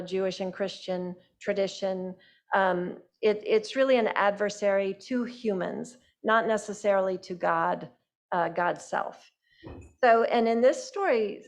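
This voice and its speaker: A woman giving a sermon as a casual, chatty retelling, with fillers and light laughs. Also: medium pitch. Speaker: lay speaker. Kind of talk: sermon storytelling.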